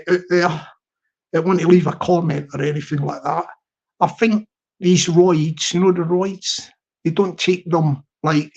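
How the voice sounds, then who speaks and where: A man's voice: high-pitched, gravelly. A man from the UK with a British accent, hosting a live stream in rambling banter, repeating phrases and chuckling often. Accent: British English. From United Kingdom. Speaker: livestream host. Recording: dull lo-fi stream audio.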